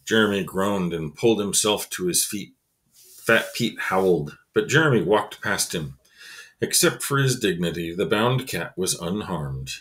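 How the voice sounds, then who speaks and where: A man's voice: low voice, expressive, measured pace, a bit bright. A man reading a children's novel aloud expressively, adding casual asides. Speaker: reader.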